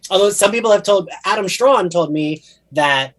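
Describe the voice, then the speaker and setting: Podcast co-host, man from New Jersey, Jersey accent, lively up-and-down pitch, a bit husky. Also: moderate pace. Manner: chatty, many fillers, animated. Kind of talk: casual chat.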